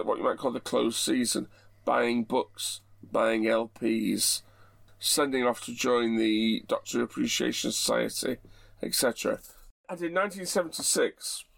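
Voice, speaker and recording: Gravelly middle-aged man, dry. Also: mid-range voice, dry recording. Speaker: podcast co-host. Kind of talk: casual chat.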